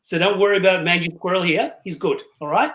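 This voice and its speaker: Joking man with a higher voice on a roomy call. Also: fast talker, background noise. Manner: jokey, laughing storyteller. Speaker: guest. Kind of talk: casual podcast chat. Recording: roomy echoey call audio.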